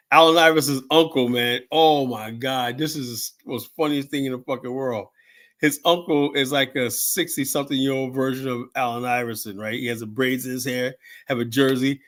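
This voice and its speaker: A man's voice: mid-range voice, fairly bright tone. A man in his fifties telling rambling stories in casual talk, swearing freely and full of fillers and restarts. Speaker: show host telling stories.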